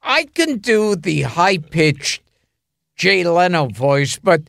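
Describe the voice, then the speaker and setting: High gravelly guy, talks slow, stammers a bit, dry close mic. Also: very animated, a bit bright, dry recording. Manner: stammering, restarts often. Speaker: comedian guest. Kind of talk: casual chat.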